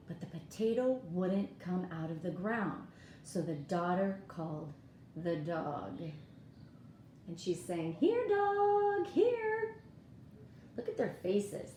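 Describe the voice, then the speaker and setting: Lady reading a kids' picture book out loud, warm mellow voice, takes her time, roomy echo. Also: on the low side, slight background noise. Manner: lively and expressive, pointing out pictures and asking listeners questions. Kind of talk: read-aloud storytime.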